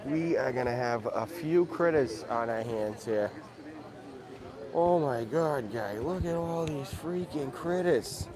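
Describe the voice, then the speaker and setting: A man putting on a joking Boston accent, playing an excited local guy who keeps saying "freaking", outdoors with crowd noise behind him. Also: mid-range voice, slow. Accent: Boston (put on). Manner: joking, calls people "guy", says "freaking" a lot. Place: outdoors in a busy theme park.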